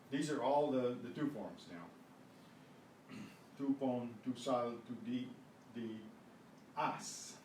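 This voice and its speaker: Slow older man teaching in echoey room. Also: medium pitch, lively intonation, darkish tone. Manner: slow, patient, clears throat often. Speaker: Spanish teacher. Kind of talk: teaching a language class. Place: classroom at a senior center. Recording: echoey room, mic at a distance, faint noise.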